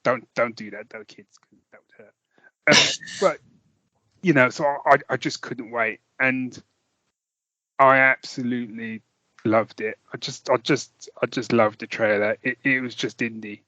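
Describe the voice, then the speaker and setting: A man's voice: mid-range voice, steady tone, a little slow, bright, forceful tone, no echo. A British man co-hosting a podcast, chatting casually and enthusiastically, rambling a little and laughing often. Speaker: podcast co-host. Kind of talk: casual chat. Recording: dull lo-fi dry recording.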